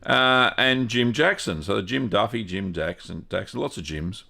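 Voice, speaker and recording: A man with an Australian accent hosting a live stream, greeting viewers one by one in a relaxed, chatty way. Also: fairly low pitch, unhurried, creaky. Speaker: host of a cheese-making livestream. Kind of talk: casual live-stream chat.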